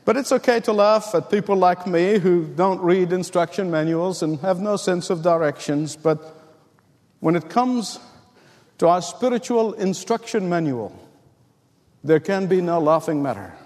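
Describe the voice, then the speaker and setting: High-voiced preacher in a big hall. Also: male voice, animated, measured pace, darkish tone. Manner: storytelling, emphatic, repetitive build-ups. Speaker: pastor. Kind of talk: sermon.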